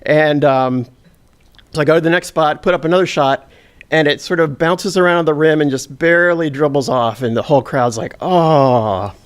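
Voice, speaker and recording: A man telling a humorous personal story on stage to a live audience, with a self-deprecating, animated delivery. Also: fairly high pitch, a little fast, clear, resonant tone.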